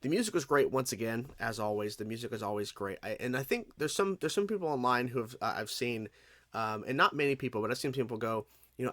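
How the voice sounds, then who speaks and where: A man's voice: mid-range voice, expressive, quick pace, fairly bright tone, no room sound. A man hosting a reaction video, commenting casually in a rambling way. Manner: rambling, many fillers and restarts.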